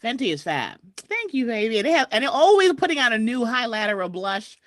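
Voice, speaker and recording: Animated woman comedian hosting a live stream. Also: a little high, brisk, dry recording, studio quality. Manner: chatty, animated, talks straight to viewers. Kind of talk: casual live-stream chat. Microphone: webcam video call.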